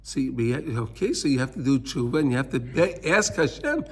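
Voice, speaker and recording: A man's voice: medium pitch, animated, normal speed, husky. A man teaching a Torah class, earnestly explaining texts, slipping into Hebrew terms and acting out little scenes. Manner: earnest, acts out voices, mixes in Hebrew terms.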